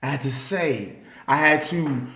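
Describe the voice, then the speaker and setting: Shifting from hushed, reflective moments to loud, emphatic outbursts, a Southern US man shares a story from his own life. He speaks unhurriedly in a slightly high voice, and the room sound is spacious.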